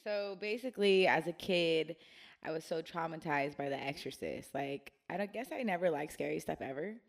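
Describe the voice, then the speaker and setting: A woman's voice: sits low, normal speed, creaky. Slangy, swearing young woman telling a story. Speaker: podcast co-host. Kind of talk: casual chat, storytelling.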